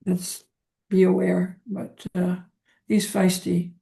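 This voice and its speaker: Woman guest, psychotherapist, gravelly fry-heavy voice, kinda flat, thinks out loud with lots of ums. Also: on the low side, takes it slowly. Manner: reflective, hesitant with frequent ums. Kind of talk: spiritual interview conversation.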